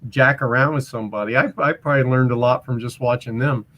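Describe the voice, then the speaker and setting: A man's voice: medium pitch, fast talker. A man in his sixties, a musician and karaoke host, telling stories in a casual interview and acting out other people's voices as he goes. His talk is loose and chatty, full of restarts. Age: 60s. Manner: animated storyteller who acts out other people's voices.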